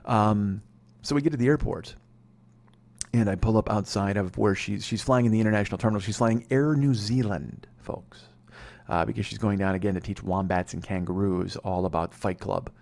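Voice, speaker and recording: A man's voice: on the low side, moderate pace, creaky, darkish tone. A man in his forties, a comedy podcast host telling a rambling, profane, sardonic story. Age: 40s.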